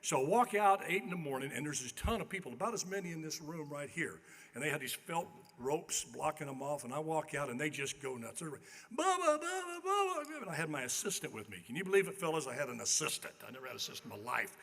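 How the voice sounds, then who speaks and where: A man's voice: a little high, expressive, quick pace, a bit bright, husky. An older man giving an acceptance speech at a banquet, telling folksy, self-deprecating stories at a podium microphone in a large hall. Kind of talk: after-dinner storytelling speech. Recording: long banquet hall reverb.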